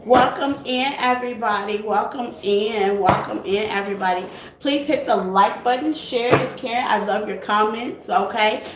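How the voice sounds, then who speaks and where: A woman's voice: fairly high pitch, normal speed. A woman hosting a tarot live stream, chatting casually and greeting her viewers with terms like baby and honey. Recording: echoey room, faint noise.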